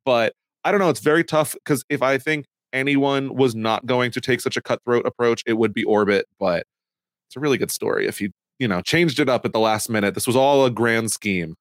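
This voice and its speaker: A man co-hosting a podcast, talking in a measured, thoughtful way and laughing often. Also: mid-range voice, dry recording. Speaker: podcast co-host. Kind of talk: casual recap chat.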